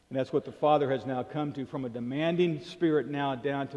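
A man preaching a sermon, animated and acting out the voices he quotes, stumbling over a word now and then. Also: mid-range voice, a little fast, hardly any pauses. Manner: animated, acts out quoted voices, some repeated words. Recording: dull sound in a reverberant hall.

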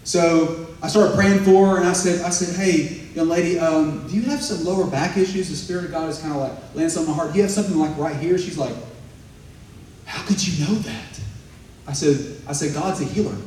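A man preaches a sermon in an earnest, storytelling way, his voice on the high side. He hushes his words when he quotes a prayer. He is heard from some distance off the mic, in a room with strong echo. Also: steady tone, fast talker, hardly any pauses, a little hiss or hum. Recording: echoey, from far off.

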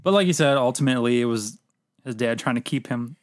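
A man's voice: mid-range voice, fast, no room sound. Swearing man in a dry room. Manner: loose, swears often, trailing asides. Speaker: podcast co-host. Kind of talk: casual movie discussion.

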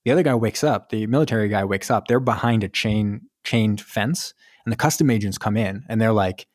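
Man, low voice, dry close sound, casual movie recap, animated storytelling. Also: a little fast, no room sound. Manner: animated retelling with acted-out quotes. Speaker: podcast co-host. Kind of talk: casual movie review chat.

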